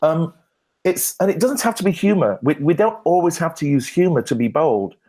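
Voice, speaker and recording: This branding expert, a male guest in a conference Q&A on stage, speaks at a normal speed in a fairly high voice. His stories are lively and self-mocking, and he often starts over mid-thought.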